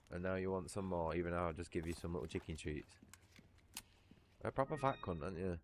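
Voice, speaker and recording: A man's voice: sits low, very animated, brisk, darkish tone, a little hiss or hum. A British man casually chatting and swearing while he streams a video game, with a joking manner. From Britain. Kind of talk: casual gameplay livestream.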